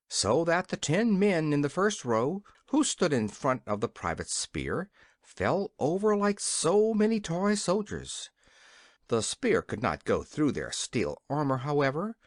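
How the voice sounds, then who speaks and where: A man narrating a classic children's fantasy audiobook with expressive storytelling. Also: a little high, no room sound, clean studio sound. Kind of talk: scripted narration.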